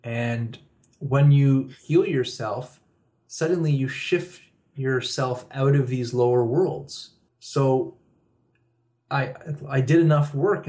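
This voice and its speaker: A man's voice: mid-range voice, a little mellow. A man who is a guest author on a radio interview, telling personal stories and chuckling often.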